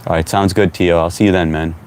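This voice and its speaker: A man with a low voice hosts a relaxed live stream from home, reading viewers' comments aloud and greeting each one by name. He talks in a loose, chatty way. Faint background noise sits under his voice. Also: fast talker.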